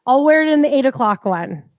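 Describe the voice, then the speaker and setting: A woman co-hosting a casual live-stream chat from home, chatty and teasing and quick to laugh. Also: high-pitched, dry recording, muffled recording. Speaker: co-host.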